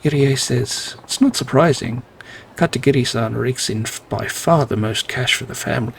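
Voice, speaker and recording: A man's voice: medium pitch, moderate pace, gravelly, slight background noise. A man playing a video game, reading the characters' lines aloud and adding dry, wry asides. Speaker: gameplay narrator.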